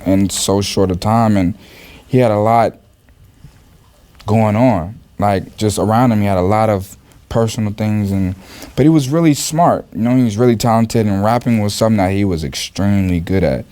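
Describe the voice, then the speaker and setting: A man reflecting in an interview, with a soft-spoken manner and many fillers. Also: on the low side, moderate pace. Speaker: interview guest.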